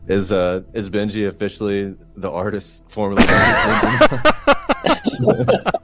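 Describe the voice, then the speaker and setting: A man's voice: fairly low pitch, steady tone, unhurried. A man playing a tabletop game, chatting casually with wry jokes. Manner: wry, joking. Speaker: player. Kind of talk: casual chat. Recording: loud music behind. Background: loud music.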